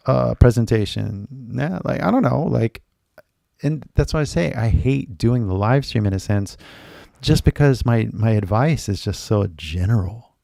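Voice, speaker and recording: A man's voice: medium pitch, lively intonation, a little slow, gravelly, dark tone, dry recording, studio quality. A man who teaches English, talking loosely in a live-stream lesson with a slight American accent, full of "like" and "right?" and switching into Japanese now and then. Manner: loose and chatty, mixes Japanese into his English; filler-heavy, lots of "like" and "right?".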